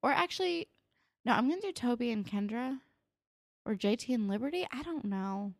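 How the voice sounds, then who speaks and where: A woman's voice: fairly high pitch, expressive, normal speed, no room sound, studio quality. A woman casually recapping a TV episode as a podcast co-host, chatty and full of fillers, often acting out characters' lines.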